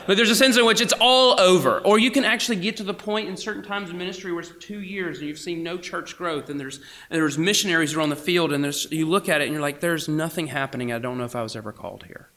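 A man preaching a sermon as a campus minister, swinging between loud animated emphasis and hushed whispers. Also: high-pitched, quick pace, few pauses.

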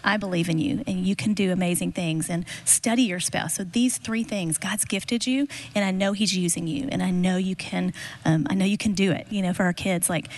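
A woman's voice: mid-range voice, brisk. A woman teaching alongside her husband in an earnest, conversational way. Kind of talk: casual teaching talk.

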